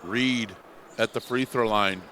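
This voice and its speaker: A man's voice: fairly low pitch, takes it slowly, background noise. A man in his fifties giving basketball color commentary, explaining plays in a coach-like way. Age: 50s.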